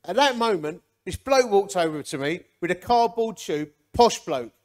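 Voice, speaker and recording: A man's voice: high voice, normal speed. A man from the Romford area, a ministry leader giving a humorous, chatty preaching testimony. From Romford area, England. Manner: chatty, animated storyteller.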